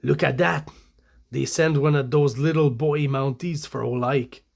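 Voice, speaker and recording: A man voicing a rough French-Canadian woodsman from a comic, with a put-on French-Canadian English accent and a gruff, mocking drawl. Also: mid-range voice, steady tone, a little slow, darkish tone. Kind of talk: read-aloud comic voice.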